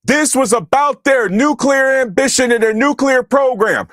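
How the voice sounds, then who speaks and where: Brief: young male streamer, high voice, angry profane rant, dry close mic. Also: moderate pace, few pauses, no room sound. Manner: angry, profane, shouting at chat. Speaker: streamer reacting to chat. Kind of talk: heated political livestream rant.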